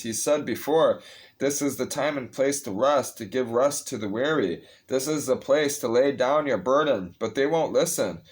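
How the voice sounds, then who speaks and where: With a medium-pitched, darkish voice, a man reads scripture casually, restlessly interrupting himself. He tosses in blunt, profane asides and keeps restarting his phrases.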